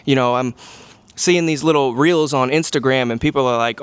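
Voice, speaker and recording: Man, mid-pitched voice, casual motivational monologue, rambling, lots of filler words. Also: normal speed, clear, resonant tone, no echo. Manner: rambling, full of "um" and "you know". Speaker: vlogger.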